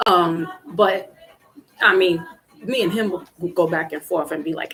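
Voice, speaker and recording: A woman's voice: on the low side, measured pace, fairly bright tone, a little hiss or hum, rough recording. A middle-aged woman hosting a casual livestream chat, laughing often and acting out quotes in her stories. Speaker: livestream host. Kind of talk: casual chat with live viewers.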